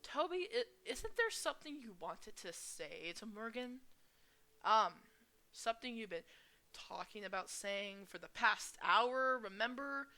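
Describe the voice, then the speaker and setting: A woman voicing a tired, caring teenage girl who gently prods her friend in a game voice-over. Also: a little high, sing-song, unhurried, full character voice. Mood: teasing. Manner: gently prodding.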